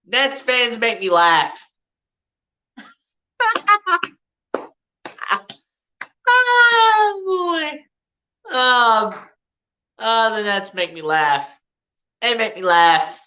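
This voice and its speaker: A woman's voice: medium pitch, very animated, extremely slow, long pauses, bright, forceful tone. A woman streaming live play-by-play as a fan, calling plays and trash-talking rivals, laughing often. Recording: roomy echo.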